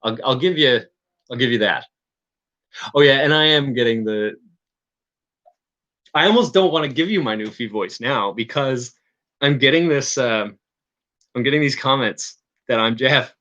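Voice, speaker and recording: A man from Newfoundland chatting casually to his viewers, rambling and halting, with many restarts and chuckles. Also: mid-range voice, pushed and bright, dull audio. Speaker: streamer.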